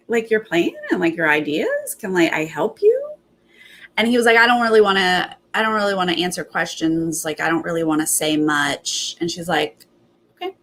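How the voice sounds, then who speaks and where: Chatty woman recapping with a lowish voice. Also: gravelly. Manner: animated retelling, quoting others in quick bursts. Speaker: host. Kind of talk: casual recap chat.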